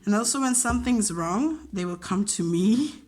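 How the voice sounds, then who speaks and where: A woman's voice: medium pitch, animated, moderate pace, a little mellow. A woman, a teacher chatting casually and openly about her job, with many fillers and acted-out quotes. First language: Dutch. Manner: chatty, emotional, acts out quoted dialogue. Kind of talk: casual chat.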